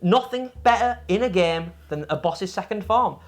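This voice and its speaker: A woman's voice: mid-range voice, expressive, normal speed. A woman co-hosting a game review show, ranting about a game in casual, profane, exasperated chat.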